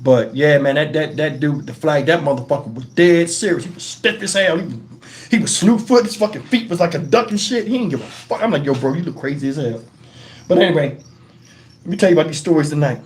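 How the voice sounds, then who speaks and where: Male livestream host, high voice, loose and profane, laughs mid-story. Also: quick pace. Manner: animated, profane, laughs through his stories. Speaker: live stream host. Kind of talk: casual storytelling on a live stream.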